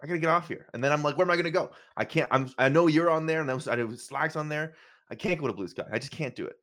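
A man in his late thirties, co-hosting a podcast in casual chat, rambling and self-mocking with quick laughs. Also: a little high, fairly bright tone. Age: 30s. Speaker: podcast co-host.

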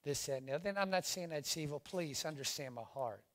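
A middle-aged pastor from Louisiana preaching a sermon, swinging from loud exclamations to hushed asides. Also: male voice, on the high side, expressive, quick pace.

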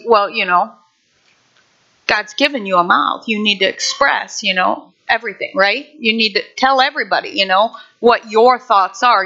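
Bright high-voiced woman preaching a lively sermon. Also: lo-fi sound. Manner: animated, acts out little scenes and exclamations.

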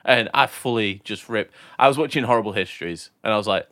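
A man's voice: fairly low pitch, quick pace, bright, forceful tone. A man co-hosting a podcast, chatting casually and mocking his own old skits. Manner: rambling, self-mocking. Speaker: podcast co-host. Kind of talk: casual chat.

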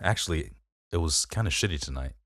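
A man's voice: a bass voice, expressive, brisk, a bit bright, dry recording, studio quality. A man hosting a podcast, rambling through a casual story and swearing freely. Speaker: podcast host. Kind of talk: casual chat.

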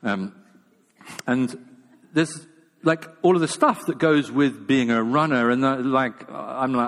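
A man's voice: medium pitch, a little slow, fairly bright tone. A man preaching a sermon in a casual, self-deprecating manner, with many fillers and restarts. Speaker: pastor. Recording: long reverb of a large hall.

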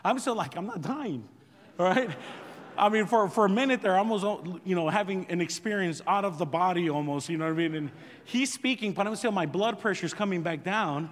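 Middle-aged male pastor, lively testimony, self-deprecating humor, slightly high voice, long church reverb. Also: fairly quick. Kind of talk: sermon testimony storytelling.

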